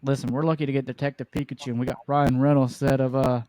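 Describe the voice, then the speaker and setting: A man's voice: mid-range voice, little pitch movement, fast talker, a little mellow, no echo. Eager, joking man with a dry close sound. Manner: enthusiastic and opinionated, joking. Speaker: podcast participant. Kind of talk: casual chat.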